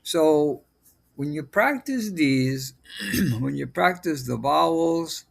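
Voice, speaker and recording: Slow gravelly man drilling pronunciation. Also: fairly high pitch, animated. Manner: drills sounds one by one, deliberate. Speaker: language teacher. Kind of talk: slow patient pronunciation lesson.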